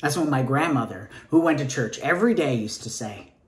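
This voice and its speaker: A man's voice: mid-range voice, animated, brisk, roomy sound, natural voice. An actor playing a nervous gay man interviewing for a teaching job, rambling and stammering in a Southern accent, sometimes dropping to a whisper. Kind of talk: comic stage monologue.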